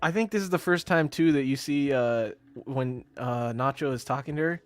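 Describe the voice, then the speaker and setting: A man's voice: mid-range voice, normal speed, faint music behind. A man hosting a casual film review chat, laughing often and retelling scenes in slangy talk. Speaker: podcast host reviewing a film.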